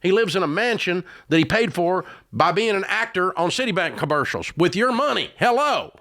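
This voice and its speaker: A man hosting a call-in advice show, yelling at callers in a blunt, exasperated rant from a radio studio. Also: high-pitched, animated, fairly quick, no echo. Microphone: studio microphone.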